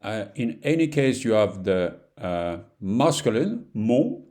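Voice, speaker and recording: A man with a French accent, a native French speaker teaching a beginner language lesson, talking slowly and repeating each word with fillers like "you know". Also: on the low side, sing-song, darkish tone. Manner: slow, repetitive, with fillers and "you know", pausing to repeat words.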